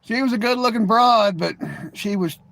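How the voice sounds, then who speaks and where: A middle-aged man hosts a casual live stream, rambling between stories and jokes with his viewers. His voice sits a little high for a man, and he fills his talk with "you know" and restarts. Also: moderate pace, a bit bright, dry recording.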